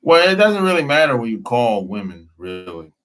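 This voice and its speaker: A man talking casually as a dating coach, slow and drawling, often breaking into laughter. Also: medium pitch, sing-song, fairly bright tone. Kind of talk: casual live-stream talk.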